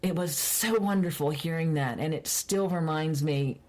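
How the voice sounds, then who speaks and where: A woman's voice: low voice, normal speed, a little mellow. Chatty woman reminiscing in a casual conversation. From Baltimore, Maryland. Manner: chatty and reminiscing, with frequent restarts. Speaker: guest, music journalist.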